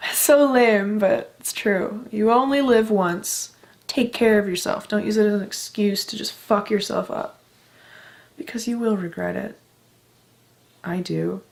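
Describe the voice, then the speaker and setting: A woman's voice: mid-range voice, slow, gravelly, long pauses. A young woman from Canada talking candidly in a personal vlog, emotional and heartfelt, swearing casually as she speaks. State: emotional, close to tears. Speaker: vlogger.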